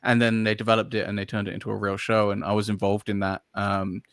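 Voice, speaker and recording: A low-pitched man chatting as a guest in a casual interview. He rambles and keeps hunting for the right words, with plenty of ums and restarts. The sound is close and dry, with no room echo. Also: level tone, fast, clear, resonant tone. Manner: rambling, searching for words, many fillers. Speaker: podcast guest, dog trainer.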